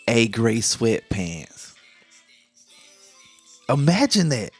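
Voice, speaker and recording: Joking man with a low voice. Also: a little slow, long pauses, a bit bright, faint music behind. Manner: joking, laughs often, acts out quoted lines. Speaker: podcast host. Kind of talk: casual monologue.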